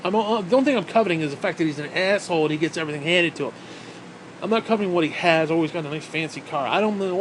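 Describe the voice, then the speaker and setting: A man's voice: a little high, fast talker, slight background noise. Profane ranting man with a raised voice. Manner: angry, swearing constantly, sarcastic. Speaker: vlogger.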